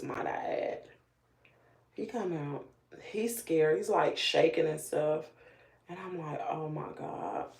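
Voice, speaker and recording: A middle-aged woman with a Southern US accent, hosting a livestream and telling a story in a relaxed, chatty way while doing her makeup. She is animated and sometimes drops to a hushed near-whisper. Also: low voice. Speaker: livestream host. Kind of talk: casual storytelling chat.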